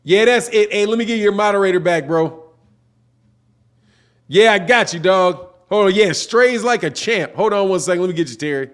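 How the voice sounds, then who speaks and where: Middle-aged male stream host, high-pitched, loose and slangy, rambles through viewer comments. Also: moderate pace, fairly bright tone, smooth. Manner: reads chat comments aloud, slangy and rambling. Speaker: boxing channel host. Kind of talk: casual livestream chat.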